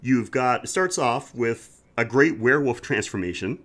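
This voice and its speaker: A man with a middle-range voice and a very lively, swooping pitch chats on a podcast. He sounds enthusiastic and laughs often. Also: normal speed. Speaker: podcast co-host. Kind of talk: casual chat.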